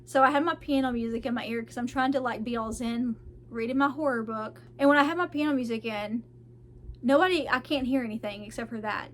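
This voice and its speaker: A woman's voice: on the high side, brisk, a little hiss or hum. A woman, a parent with kids, chatting casually and enthusiastically about books she read, laughing often. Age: adult parent of children. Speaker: book vlogger. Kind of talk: casual book review chat.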